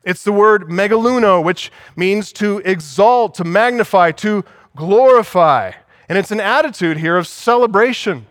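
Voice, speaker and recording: A man's voice: sits high, expressive, normal speed, fairly bright tone, dry recording, studio quality. A man preaching a sermon as pastor, teaching and asking the congregation for agreement.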